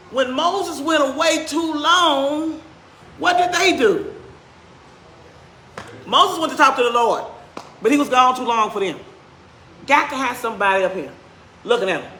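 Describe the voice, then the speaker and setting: Bright-voiced woman pastor preaching in church. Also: sits high, a little hiss or hum. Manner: conversational preaching, questions to the congregation; animated, speeds up and slows down for emphasis. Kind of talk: sermon. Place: church sanctuary. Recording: roomy church echo.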